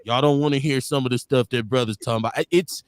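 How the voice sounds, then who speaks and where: A middle-aged man hosting a casual live talk show, animated and swinging his pitch when he quotes people. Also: fast, no room sound. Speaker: radio show host.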